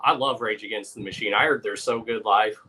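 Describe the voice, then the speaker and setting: A man chatting casually and telling relaxed stories in an easygoing manner. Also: fairly low pitch, brisk, slightly rough. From living in Florida. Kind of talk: casual chat.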